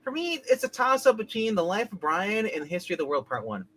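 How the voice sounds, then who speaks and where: A man co-hosting a casual chat, chiming in with quick wry asides and blunt opinions. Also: high-pitched, very animated, crowd noise. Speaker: co-host.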